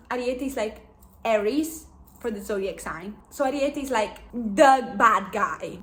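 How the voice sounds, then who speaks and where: A woman's voice: medium pitch, a little hiss or hum. Chatty young woman in an echoey room. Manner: chatty and rambling, many "like" fillers, laughs often. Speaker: book vlogger. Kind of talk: casual chat.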